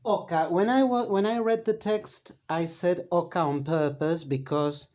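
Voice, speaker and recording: A man with an Argentine accent teaching a Spanish lesson in English, explaining step by step with many pauses and fillers. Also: high-pitched, darkish tone. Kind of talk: slow bilingual language lesson.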